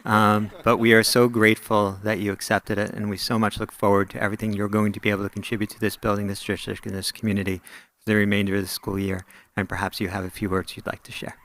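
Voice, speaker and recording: A man introducing a new colleague at a school board meeting, halting often with fillers. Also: on the low side, level tone, fairly bright tone.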